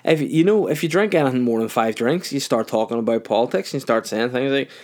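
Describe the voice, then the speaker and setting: Tipsy podcast host. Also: male voice, medium pitch, lively intonation, fast talker, a little mellow. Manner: rambling, sweary, cheeky. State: tipsy from a few wines. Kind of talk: casual solo podcast chat.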